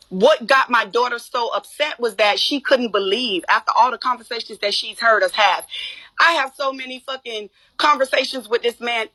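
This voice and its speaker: High bright heated woman on a livestream. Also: moderate pace. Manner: blunt, profane, acts out quotes. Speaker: livestream guest telling her side. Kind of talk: heated casual livestream talk.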